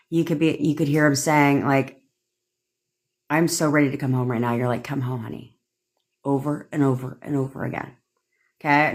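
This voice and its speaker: A woman manifestation coach talking casually on a phone livestream, chatty and cursing often as she answers viewers. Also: low voice. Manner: chatty, frequent profanity, addresses viewers by name.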